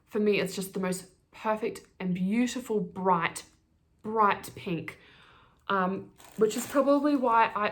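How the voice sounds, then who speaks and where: Gushing woman unboxing yarn. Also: mid-range voice. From Australia. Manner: gushing, fast-talking, giddy. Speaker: knitting podcast host. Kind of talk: casual chat, yarn unboxing.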